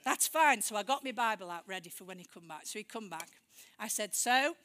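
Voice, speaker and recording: Bright-voiced woman preaching. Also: medium pitch, quick pace. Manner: lively storytelling, acts out dialogue, laughs often. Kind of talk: testimony sermon.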